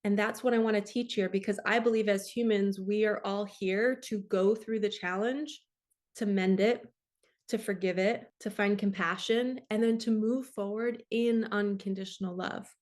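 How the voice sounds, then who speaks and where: Speaking at a moderate pace with a steady, mid-range and slightly mellow voice, a spiritual coach in her forties shares her own experience on camera. She's earnest and emotional, with tearful moments.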